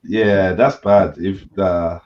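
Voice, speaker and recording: A man's voice: low voice, fairly even intonation, slow pace. A man hosting a casual online talk show, laid-back and slangy. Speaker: host. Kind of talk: casual chat. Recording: dull lo-fi audio.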